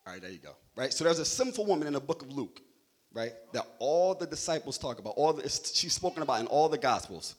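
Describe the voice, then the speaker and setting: A man's voice: medium pitch, sing-song, fast. A young adult man preaching a sermon in a loose, joking, conversational way, checking in with "right?" after nearly every point.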